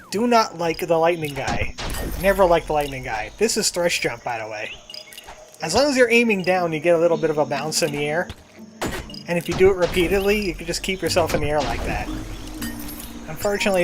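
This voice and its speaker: A man giving casual, self-deprecating gameplay commentary as a let's-play gamer. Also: a little high. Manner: self-deprecating, chatty, jokey. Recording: game music playing underneath.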